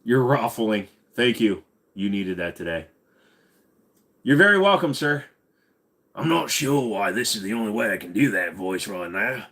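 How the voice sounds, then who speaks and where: A man hosting a casual livestream, talking bluntly and crudely, his voice tiring and going hoarse. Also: fairly low pitch, moderate pace, a bit bright. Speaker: livestream host.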